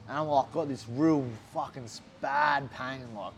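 Animated Australian man telling a story. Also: a little high, moderate pace, few pauses, a little hiss or hum. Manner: swears a lot, acts out quotes animatedly. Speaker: fighter. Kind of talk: casual interview storytelling.

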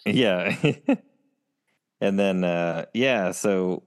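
A man's voice: low voice, very slow, clear, resonant tone. A man co-hosting a casual TV recap chat, retelling scenes in a meandering way. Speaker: podcast co-host. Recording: long reverb.

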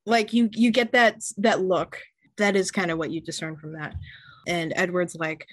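A woman's voice: lowish voice, moderate pace, dry recording. Woman game master, tabletop narration, chatty, dry close sound. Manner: relaxed, descriptive, chatty.

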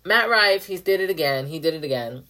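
A woman's voice: low voice, expressive, brisk, sharp tone. Blunt, profane young woman ranting. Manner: repeats phrases, many "like" fillers. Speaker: podcast host. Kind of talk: casual rant monologue.

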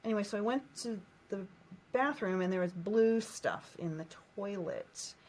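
A woman's voice: medium pitch, normal speed, a little mellow. A woman from the United States, a guest telling a painful childhood memory in short, repeated, emotional phrases. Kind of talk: personal storytelling in a coaching session.

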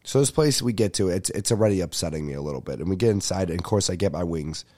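A young man, telling a comic story as a podcast host in an animated, profane rant. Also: deep voice, quick pace. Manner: animated ranting with frequent profanity. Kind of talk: ranting comedic storytelling.

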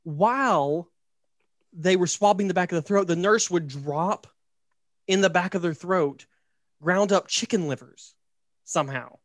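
A man with a fairly high voice runs through a story in casual podcast chat, animated and joking. He keeps checking in with "right?" and leaning on "like". The recording is close and dry. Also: measured pace, pauses often, no room sound. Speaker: podcast host.

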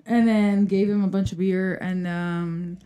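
A woman's voice: medium pitch, fairly even intonation, a little slow, dark tone, smooth. Laid-back young woman telling stories. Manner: laid-back, laughs often, fillers like "like" and "um". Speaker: podcast co-host. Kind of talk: casual storytelling chat.

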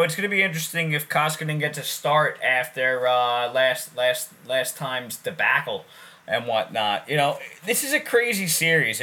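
A man's voice: on the high side, sharp tone. A man co-hosting a casual sports podcast, talking loosely, swearing and repeating himself. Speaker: podcast co-host.

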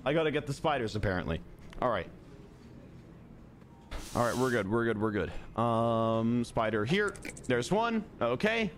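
A man's voice: mid-range voice, lively intonation, moderate pace, pauses often, a little hiss or hum. A young man streaming a video game, chatty and muttering to himself as he plays. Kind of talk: casual gaming commentary.

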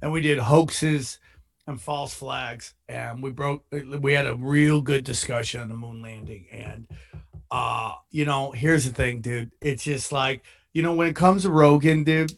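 A man's voice: medium pitch, fairly even intonation, a little slow, gravelly. Laid-back man hosting a podcast. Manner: laid-back, says "dude" constantly. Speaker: podcast host. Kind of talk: casual chat.

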